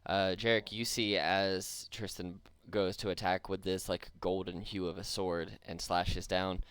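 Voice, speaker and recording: A man's voice: deep voice, flat delivery, unhurried, fairly bright tone, smooth, no echo. A man as dungeon master, narrating the action and ruling on rolls in an easygoing way, laughing often. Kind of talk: running a tabletop game online.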